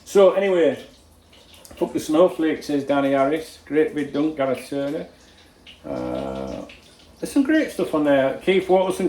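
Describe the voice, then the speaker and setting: A man's voice: a little high, big pitch swings, unhurried, a little mellow, reverberant, slight background noise, rough recording. An older man, casually reading out viewer comments in his kitchen, blunt and jokey with plenty of swearing. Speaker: football fan channel host. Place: home kitchen while cooking.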